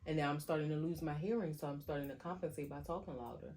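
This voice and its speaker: A woman co-hosting a podcast in casual chat, chatty and quick to laugh. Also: low-pitched, steady tone, a little hiss or hum. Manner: chatty, laughs easily, loud-ish. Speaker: podcast co-host.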